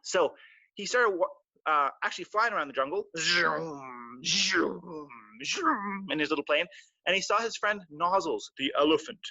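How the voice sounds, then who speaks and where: A man with a high voice tells a children's story on a live stream, animated and tossing in sound effects. The audio is dry and close, with a dull, lo-fi edge. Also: fairly quick, no room sound. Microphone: live stream mic.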